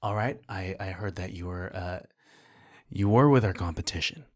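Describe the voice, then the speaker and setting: Brief: hushed, smooth-talking male director, put on by a Bronx-accented man; low, soft delivery. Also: moderate pace. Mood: hushed persuasive. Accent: New York, Bronx.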